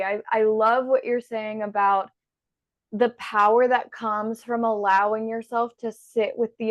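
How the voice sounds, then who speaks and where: A woman's voice: on the high side, a little mellow, no echo, dull audio. A woman hosting an interview, effusive and affirming, filling her talk with "like". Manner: effusive and affirming, many "like" fillers. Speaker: podcast host. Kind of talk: conversational interview.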